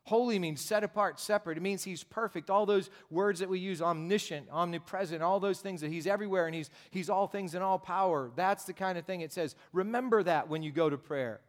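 A man's voice: sits high, a little fast, few pauses. A pastor preaching a sermon in a direct, conversational way, driving his points home with emphatic repetition. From United States.

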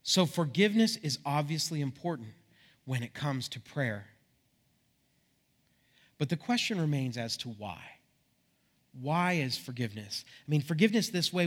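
A middle-aged male pastor giving an animated, conversational sermon to his congregation. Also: mid-range voice.

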